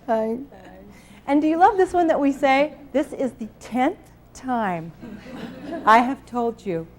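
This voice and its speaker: A woman's voice: high-pitched, expressive, takes it slowly. A middle-aged woman giving a live parenting talk to an audience, laughing often and acting out scenes with her children. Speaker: parenting speaker.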